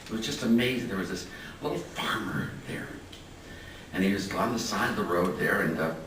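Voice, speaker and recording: A man's voice: fairly low pitch, brisk, a bit bright. An older man giving a folksy, chuckling talk as a guest speaker. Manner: chuckling, storytelling. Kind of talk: folksy anecdotal speech. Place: lecture hall. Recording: roomy hall from far off, faint noise.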